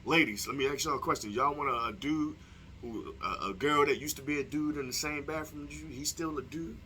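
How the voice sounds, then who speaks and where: A man's voice: on the high side, a little fast, sharp tone, a little hiss or hum. A young man delivering a heated, profane opinion monologue to his viewers, firing off rhetorical questions. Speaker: vlogger. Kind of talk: casual opinion monologue to camera.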